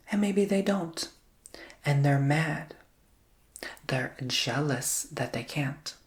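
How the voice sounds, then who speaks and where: A man giving a chatty, theatrical ASMR tarot reading that keeps dropping into soft whispers. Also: a little high.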